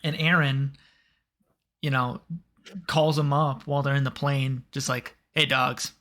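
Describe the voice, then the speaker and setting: A man with a bright, forceful voice, chatting casually on a podcast. He is animated and profane, and he jumps into quick impressions of characters. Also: mid-range voice. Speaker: podcast co-host. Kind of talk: casual podcast chat about an anime.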